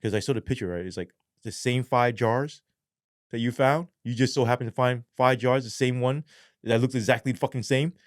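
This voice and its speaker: A man's voice: mid-range voice, fairly quick, no echo, studio quality. A man who is a former police sergeant, telling a story in a casual interview, swearing often and acting out quotes. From New York. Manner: profane, animated storytelling with acted quotes.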